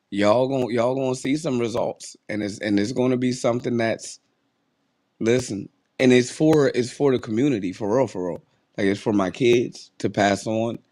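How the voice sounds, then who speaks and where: Excitable man podcast co-host, dry sound. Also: medium pitch, dry recording. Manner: excitable, repetitive, emphatic. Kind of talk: casual chat.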